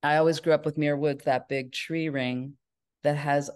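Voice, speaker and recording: A woman's voice: low-pitched, steady tone, normal speed, darkish tone, clean tone. A middle-aged woman from Northern California, a filmmaker guest in an interview, telling her story in a rambling way with many restarts.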